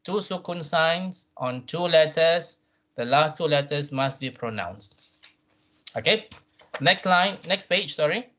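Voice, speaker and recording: A man teaching a Quran reading class, patient, often repeating himself and checking in with "right?", drawing out Arabic words slowly to model them. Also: a little high, lively intonation, pushed and bright. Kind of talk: tajweed revision class.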